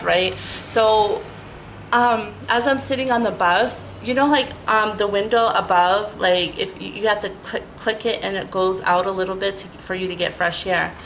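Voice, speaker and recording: A middle-aged woman telling a rambling, animated story in a casual vlog, full of "like" and restarts. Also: medium pitch, slight background noise, poor audio. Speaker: storytelling vlogger.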